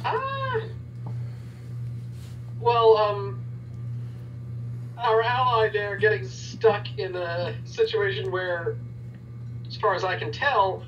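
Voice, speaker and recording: A player speaks very slowly and hesitantly, pausing with many ums. The voice sounds far off and dull, with faint hum behind. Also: medium pitch, fairly bright tone. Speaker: tabletop game player. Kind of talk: casual chat between game sessions.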